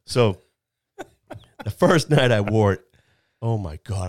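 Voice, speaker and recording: A man in his fifties with a lowish voice tells a personal story in casual chat. He rambles, restarts his sentences and laughs at himself. The sound is dry and close to the mic. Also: lively intonation, takes it slowly, dry recording. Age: 50s.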